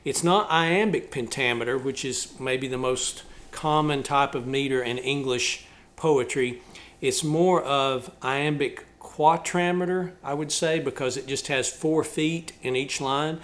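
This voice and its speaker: Explaining a song step by step, a male musician and channel host talks casually and thoughtfully, making small restarts along the way. His voice is mid-range and a bit bright.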